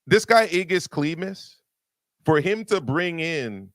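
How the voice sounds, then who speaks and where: A man's voice: fairly high pitch, lively intonation, takes it slowly, no room sound, studio quality. A man on a boxing debate panel making his case emphatically. He repeats himself as he presses each point.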